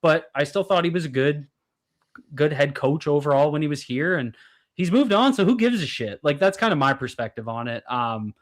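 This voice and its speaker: Blunt man co-host, halting. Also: on the high side, lively intonation. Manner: blunt, frank, halting restarts. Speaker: podcast co-host. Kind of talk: casual sports roundtable chat.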